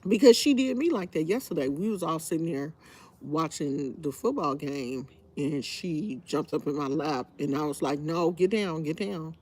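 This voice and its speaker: A woman hosting a live stream, telling a story in a casual, animated way and laughing often. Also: low-pitched, moderate pace, slightly rough.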